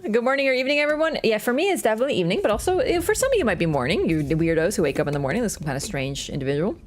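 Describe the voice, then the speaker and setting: A woman's voice: mid-range voice, lively intonation, racing. A woman livestreaming a game, chatting casually to her viewers in a rambling, joking way that is full of swearing. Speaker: gaming livestreamer. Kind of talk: casual stream chat.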